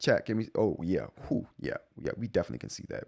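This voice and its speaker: A man's voice: low voice, sing-song, fast talker, creaky, a little mellow, husky. A man in his forties hosting a live tech stream, talking casually, rambling and correcting himself, often laughing. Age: 40s. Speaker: tech show host.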